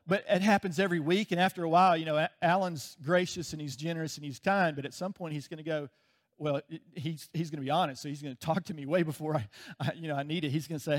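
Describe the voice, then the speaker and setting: A man preaching a sermon in a relaxed, conversational way, chuckling often and acting out everyday anecdotes. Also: on the high side, quick pace. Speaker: pastor.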